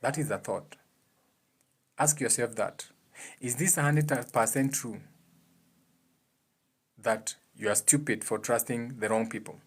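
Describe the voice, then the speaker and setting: A man with a Kenyan accent speaks in a casual, motivational way. His voice sits at an ordinary male pitch. He explains earnestly and hammers home his points by repeating them. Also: measured pace, pauses often, breathy edge. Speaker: speaker giving advice on emotions.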